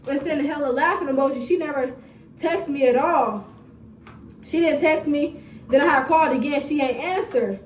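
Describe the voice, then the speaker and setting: Animated high-voiced young woman telling a story. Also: fairly quick, a little hiss or hum. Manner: animated, profane, laughing asides. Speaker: storytime vlogger. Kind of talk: casual storytime monologue. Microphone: phone camera. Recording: roomy phone recording from a distance.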